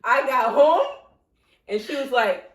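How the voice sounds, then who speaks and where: A woman telling a childhood story in casual chat, animated and laughing, acting out voices. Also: high-pitched, slow. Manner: animated, laughing, acts out voices in her stories. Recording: roomy echo.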